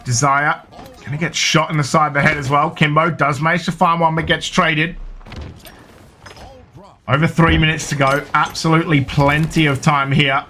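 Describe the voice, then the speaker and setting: A man with a southern English accent calling live esports play-by-play in a quick, excitable, jokey way. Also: fairly high pitch, a little hiss or hum. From southern England.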